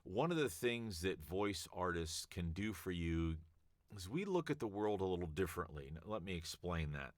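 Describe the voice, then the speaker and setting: Man, voice actor, low pitch, dry close sound, conversational, emphatic. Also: expressive, normal speed, no room sound. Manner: conversational, emphatic, demonstrates readings. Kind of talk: casual advice talk to camera.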